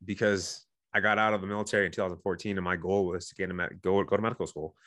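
A man's voice: sits low, steady tone, racing, a bit bright, no echo, studio quality. A man in his thirties, a guest on a talk show, telling his own story candidly and earnestly, with many restarts and "you know"s.

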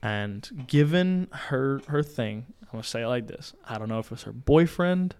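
A young man, a podcast co-host, casually telling a story in a small home studio, animated, acting out voices and laughing. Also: mid-range voice, normal speed, smooth. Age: young adult.

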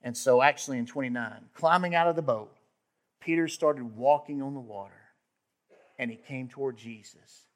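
A pastor preaches in a conversational, story-driven style at normal speed and a middling pitch. He shifts between forceful emphasis and hushed asides, bursting out suddenly as he acts out the people he quotes.

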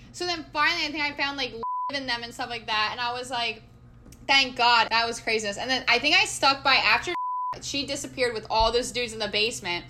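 A young woman in her twenties telling a funny story in casual chat, animated and often laughing. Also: high-pitched.

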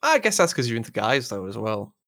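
A young man in casual podcast chat, blunt and animated, swearing freely. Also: mid-range voice, fairly quick. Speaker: podcast co-host.

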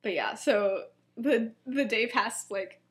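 A woman's voice: on the high side, takes it slowly. A young woman casually retelling a fan story on a podcast, rambling and giggling, acting out the characters' lines. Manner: giggly, rambling, full of "like" and acted-out quotes. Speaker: podcast co-host.

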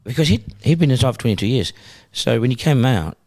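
A middle-aged man with a New Zealand accent, a podcast guest telling stories in casual chat, animated and dotted with "you know" and "bro". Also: medium pitch, fast talker, no room sound, clean studio sound.

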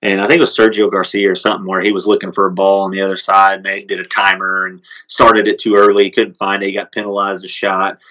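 A man co-hosting a podcast, talking sports in a relaxed, rambling way with lots of fillers. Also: low-pitched, quick pace, hardly any pauses, highs cut off. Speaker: podcast co-host. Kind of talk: casual sports chat.

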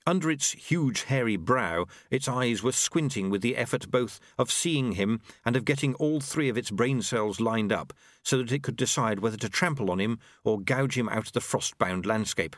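A man reading a novel aloud, voicing the characters' lines by shifting his pitch. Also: animated, normal speed, few pauses, no room sound, studio quality. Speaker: audiobook narrator. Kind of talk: novel narration with character voices.

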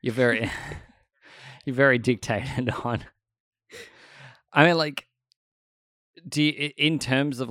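Animated interviewer from Australia, casual and laughing, with a dry sound. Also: mid-range voice, dry recording. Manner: animated, laughs, halting restarts.

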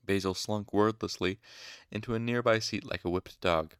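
A young man reads a novel aloud at home in a casual amateur style, stopping now and then to correct himself. His voice sits on the low side and the recording is dry and close. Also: normal speed, clean tone, no echo. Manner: informal, stops to make whispered asides and corrections. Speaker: amateur audiobook reader. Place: home room.

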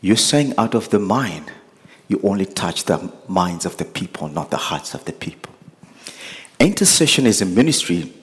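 A man's voice: fairly low pitch, husky. A man preaching a sermon, earnest and building to impassioned pleading. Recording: echoey hall with long reverb.

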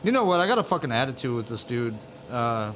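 A man co-hosting a casual podcast from a garage, telling stories loudly and profanely, a little tipsy from drinks. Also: mid-range voice, fast, a little hiss or hum. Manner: loud, profane, animated storyteller. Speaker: podcast co-host. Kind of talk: casual chat.

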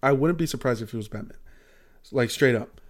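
A man's voice: mid-range voice, fairly quick. A man co-hosting a podcast in casual chat, rambling with many fillers and freely swearing. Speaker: podcast co-host.

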